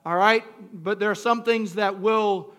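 A male pastor preaching a sermon, talking straight to the congregation, calling for responses and moving between quiet storytelling and shouted preaching. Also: high-pitched, steady tone, measured pace. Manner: talks directly to the congregation, asks for responses.

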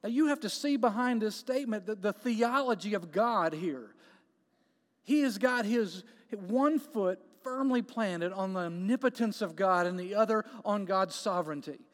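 Guy preaching a sermon, pretty high voice, hammers points with repeated questions, big echoey hall. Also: moderate pace. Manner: emphatic, repetitive preaching with rhetorical questions.

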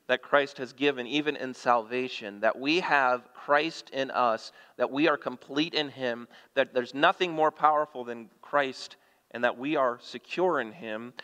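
A pastor delivers a sermon in a mid-range, slightly bright voice, reading scripture with mounting emphasis and posing questions to the congregation. The recording carries the long reverb of a church hall.

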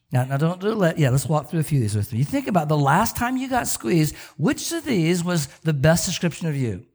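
A gravelly voice on the high side belongs to a middle-aged pastor in mid-sermon. He speaks with animation, stumbling into repeated words and tossing rhetorical questions at the people listening.

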